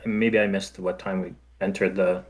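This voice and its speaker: Man, tabletop player, casual chat, somewhat low voice. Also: moderate pace. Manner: relaxed, casual.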